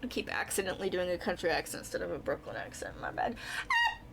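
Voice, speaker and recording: A woman streaming a game, reading the dialogue aloud and breaking into excited asides. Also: lowish voice, fast, creaky, slight background noise. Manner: excitable, breaks into character voices.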